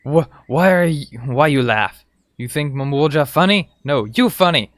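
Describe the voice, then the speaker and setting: A man's voice: on the high side, animated, normal speed, no echo, lightly acted. A man voicing a taunting male fish-like lizard creature from a video game that mocks in broken, childlike English.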